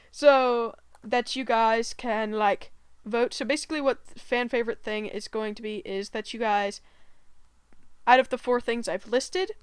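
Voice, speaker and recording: A woman with a fairly high, smooth voice tells a story for her gaming channel. She rambles along with plenty of "like" and "um" and keeps breaking into giggles. The sound is dry and close. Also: no room sound. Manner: giggly, rambling, many fillers. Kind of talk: casual storytime vlog.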